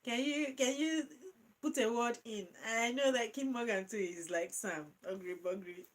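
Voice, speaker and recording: A woman hosting a live-stream chat, reading out viewer comments and laughing through her words in a playful, animated way. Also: fairly high pitch, unhurried, rough recording. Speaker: channel host.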